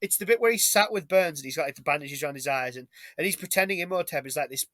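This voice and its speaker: A chatty British man hosting a casual podcast, his voice a touch higher than most men's. He rambles into anecdotes full of jokey asides. The sound is close and dry, with no room in it. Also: racing, pushed and bright, no echo. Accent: British English. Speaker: podcast host. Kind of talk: casual film review chat.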